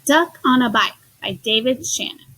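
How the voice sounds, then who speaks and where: A woman reading children's picture books aloud in an expressive storytelling manner. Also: fairly high pitch, moderate pace, a little hiss or hum. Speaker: storybook reader.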